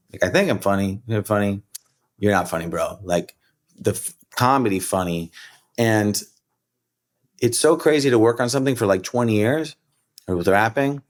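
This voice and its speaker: A man's voice: lowish voice, moderate pace, pauses often. A middle-aged man, a rapper and comedian telling stories in a casual interview, rambling with lots of "like" and "you know". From United States. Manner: rambling, animated, many "like" and "you know" fillers. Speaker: rapper and comedian, podcast guest.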